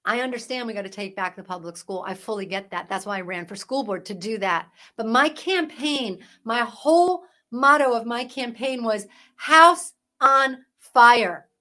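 A woman with a high, bright-pitched voice delivers fervent Christian commentary as a podcast host. She hammers her points with rhetorical questions and urgent calls to wake up, swinging between loud emphasis and hushed asides. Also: animated, moderate pace, hardly any pauses. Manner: parent.

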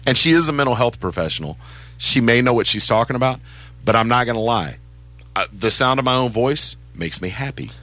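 A man co-hosting a sports radio show, chatting casually in an animated, self-deprecating way. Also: medium pitch, brisk.

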